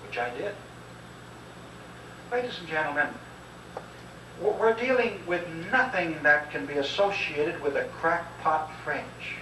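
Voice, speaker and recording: A man's voice: a little high, a little slow, pauses often, pushed and bright, slight background noise. A man giving an impassioned public lecture, emphatic and preacher-like, urging listeners to answer aloud. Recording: old echoey VHS tape from far off.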